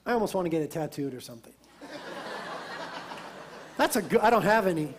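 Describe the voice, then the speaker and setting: A pastor preaching a sermon, lively and emphatic, slipping into a conversational tone now and then. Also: male voice, high voice, a little fast, slight background noise.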